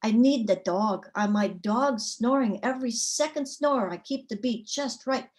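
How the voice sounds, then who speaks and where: A woman's voice: a little high, measured pace, darkish tone, close to an everyday voice. A woman voicing a clever, determined housewife in a folk tale, speaking with lilting, folksy phrasing. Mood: brisk.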